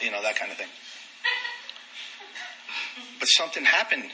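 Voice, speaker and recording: A man candidly telling his own recovery story, animated and self-deprecating. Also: mid-range voice, rapid-fire, heavy background noise. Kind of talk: personal testimony talk.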